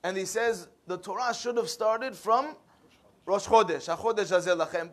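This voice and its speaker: A man's voice: sits high, a little fast. A man giving a sermon as a rabbi in a synagogue, telling a story and acting out the dialogue.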